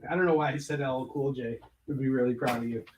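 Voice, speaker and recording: A man's voice: medium pitch, fairly even intonation, fast talker, distant mic, noisy background. A man casually chatting on a livestream while prepping his stock in a room indoors, rambling and joking with viewers between tasks. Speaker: comic artist livestreaming convention prep. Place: indoor prep room where he packs books.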